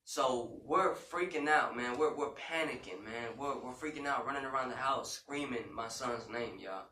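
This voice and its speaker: A man's voice: mid-range voice, normal speed, bright, forceful tone. A man co-hosting a casual talk show, retelling a frightening story in an emotional way, with lots of "you know" and "man" fillers. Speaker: podcast co-host. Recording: roomy echo, far from mic, faint background noise.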